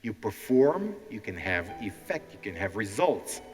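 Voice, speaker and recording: A man's voice: lowish voice, unhurried. A man teaching English in an interactive stand-up lesson on stage, often checking in with "okay?" and acting out quotes. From Ukraine. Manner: animated, keeps asking "okay?", acts out quotes. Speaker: language teacher hosting a stage show. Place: stage in a hall before a live audience. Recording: reverberant hall with faint music.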